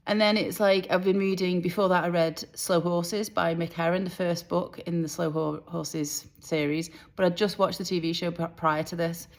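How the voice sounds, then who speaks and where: A woman's voice: sits low, creaky. A woman author talking casually to camera about books and TV casting, in a chatty, rambling way. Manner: chatty, rambling, self-deprecating. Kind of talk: casual vlog chat.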